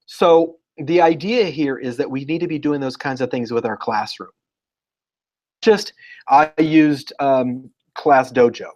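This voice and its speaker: A man talking as a guest educator in a casual interview, telling lively stories and acting out what people said. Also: medium pitch, unhurried, dull audio. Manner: animated storyteller, acts out quotes.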